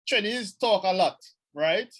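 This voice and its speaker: A man with a Trinidadian accent co-hosting, making halting remarks. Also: high voice, animated, a bit bright. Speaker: co-host. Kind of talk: casual interview talk.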